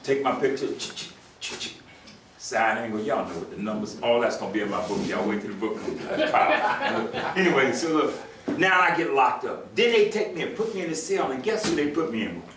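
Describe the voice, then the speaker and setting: Speaking a little fast in a mid-range voice, the older man and retired marshal brings his tale to life by acting out other voices and laughing with his listeners. A distant mic picks him up in an echoey hall with a noisy background.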